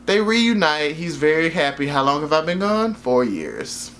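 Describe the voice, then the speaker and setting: A man's voice: fairly high pitch, big pitch swings, measured pace, hardly any pauses, fairly bright tone, a little hiss or hum. A young man recaps a movie in a loose, rambling way. His talk is slangy and profane, packed with fillers. He often breaks into laughter at his own jokes. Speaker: vlogger reviewing a movie. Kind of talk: casual spoken movie recap.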